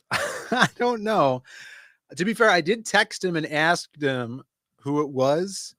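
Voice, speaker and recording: A man's voice: on the high side, slow, fairly bright tone, no room sound, studio quality. Rambling livestream co-host, a man. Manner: loose, rambling, greets the chat by name. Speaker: podcast co-host. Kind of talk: casual livestream chat.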